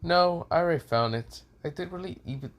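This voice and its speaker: A man voicing a stern young woman in a fan story who scolds in an exasperated way, a little higher than his own voice. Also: a little fast, close to an everyday voice. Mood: scolding.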